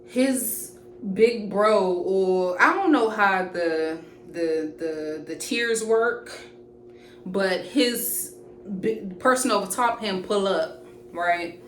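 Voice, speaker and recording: Animated young woman telling a wild story. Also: medium pitch, slow, long pauses. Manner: animated, profane, jumps into quoted voices. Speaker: storytime vlogger. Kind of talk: casual storytelling to camera. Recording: roomy echoey room with faint hiss.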